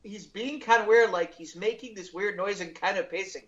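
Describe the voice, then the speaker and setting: A man's voice: high-pitched, moderate pace, fairly bright tone, lo-fi sound. A man co-hosting a podcast in casual chat, reading out a couple's text messages with profane, incredulous commentary. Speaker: podcast co-host.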